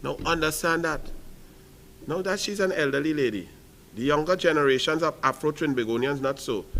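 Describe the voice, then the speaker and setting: A man with a Trinidadian accent delivers fiery political commentary, his voice slightly high and a touch fast with a fairly bright tone. He's rhetorical and repetitive, hammering each phrase home with punch, over slight background noise.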